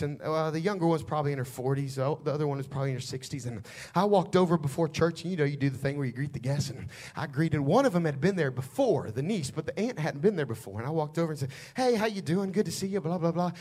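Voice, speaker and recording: High-voiced preacher, folksy and fervent. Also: male voice. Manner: folksy storytelling that builds to shouted preaching. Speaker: pastor. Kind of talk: storytelling sermon.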